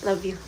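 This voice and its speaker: A woman's voice: mid-range voice, noisy background. A tearful woman hosting a casual livestream from home, reading viewer comments aloud and answering them. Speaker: livestream host.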